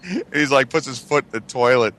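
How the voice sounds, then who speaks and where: A man's voice: mid-range voice, fairly quick, fairly bright tone. A man co-hosting a podcast, telling stories in a profane, laughing casual chat. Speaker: podcast co-host.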